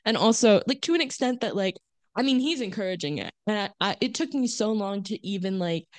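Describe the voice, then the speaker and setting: A woman co-hosting a podcast in casual chat, animated and acting out quoted lines. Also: medium pitch, a little fast, dry recording. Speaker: podcast co-host.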